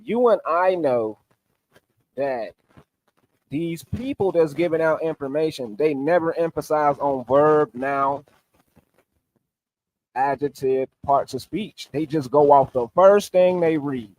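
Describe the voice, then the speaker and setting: A man's voice: a little high, takes it slowly, long pauses, a little mellow. A man recapping an online debate on a livestream, emphatic and argumentative while he walks through sources on screen.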